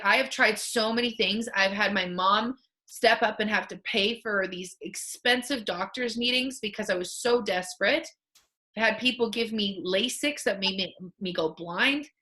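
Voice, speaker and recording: Woman on a team video call, bright sharp voice, chatty emotional coaching. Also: medium pitch. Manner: emotional, candid storytelling with many fillers. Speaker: team leader coaching her sales team.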